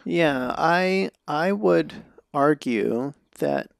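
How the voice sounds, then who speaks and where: A man's voice: on the high side, expressive, drawn-out words, creaky, no room sound, clean studio sound. A man hosting a podcast, a script supervisor explaining his craft in casual conversation, thoughtful and at length.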